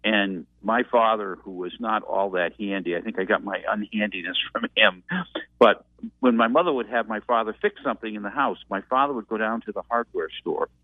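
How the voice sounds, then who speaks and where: A man's voice: lowish voice, brisk, dry recording. A man, calling in and reminiscing in a rambling, reflective way. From Massachusetts. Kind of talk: casual reminiscing. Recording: tinny dry phone line.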